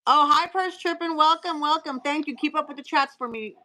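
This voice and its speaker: A woman hosting a casual live stream, reading out cards and messages in a chatty way with filler pauses. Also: high voice, bright, forceful tone, poor audio.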